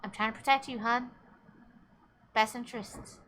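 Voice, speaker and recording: A woman's voice: fairly high pitch, steady tone, normal speed, a bit bright, slight background noise. A young woman streaming a game live, chatty and rambling, swearing freely and thanking viewers as she talks. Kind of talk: casual live game commentary.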